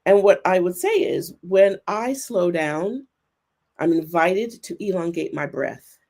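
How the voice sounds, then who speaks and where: A woman's voice: fairly low pitch, a little mellow. Earnest, thoughtful woman guest. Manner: thoughtful, earnest, speeds up and slows down. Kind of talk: reflective conversation. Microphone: remote video call.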